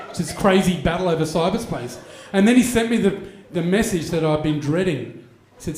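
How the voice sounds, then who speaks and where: A man's voice: sits high, a little fast, hardly any pauses, darkish tone, reverberant. A man, doing stand-up comedy and telling a crude story with mock voices. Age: 40s. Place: stage in a venue with an audience.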